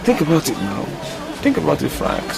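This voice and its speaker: A man's voice: fairly high pitch, huge pitch swings, a little fast, vocal fry, distant mic, a crowd in the background, heavily acted. A despairing young man. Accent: Nigerian. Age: young adult. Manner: troubled, stammering. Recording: voice from off the mic. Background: music.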